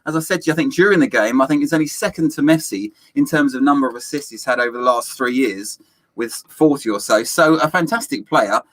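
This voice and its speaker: A man's voice: medium pitch, fast, a bit bright. A man co-hosting a casual football chat, slipping in dry joking asides. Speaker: football podcast co-host. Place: indoors, seated next to co-host. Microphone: shared new microphone.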